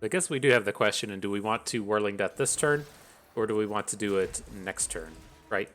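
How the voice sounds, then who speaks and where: A man with a fairly low voice talks through his card game in a casual, thinking-aloud way. He weighs each play analytically and with a wry edge. Faint music plays underneath. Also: a little fast, a bit bright. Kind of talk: casual gameplay commentary.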